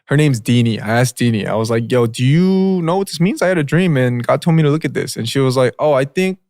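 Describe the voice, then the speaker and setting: A man's voice: medium pitch, animated, fast, a little mellow, no room sound. Young guy chatting on a podcast, chill and slangy, dry close sound. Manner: laid-back slangy storytelling, lots of "like" and "bro". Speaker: podcast co-host. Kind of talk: casual storytelling chat.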